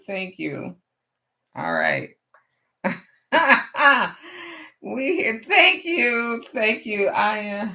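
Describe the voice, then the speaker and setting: On a live crafting stream, a woman chats casually with her viewers, laughing often and at herself while answering the chat with a Southern-style "y'all." Her medium-pitched voice is creaky, pushed, and bright.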